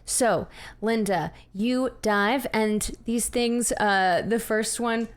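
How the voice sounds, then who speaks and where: A woman keeper narrates a tabletop horror game at an unhurried pace. She speaks with animation, then sinks to a hushed near-whisper when describing something eerie. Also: a little high.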